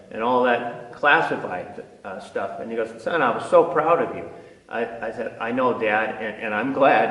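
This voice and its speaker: An older man, a former Navy diver, telling his personal testimony in an earnest, halting way. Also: mid-range voice. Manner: earnest, halting storytelling with restarts. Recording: echoey hall, speaker far from mic.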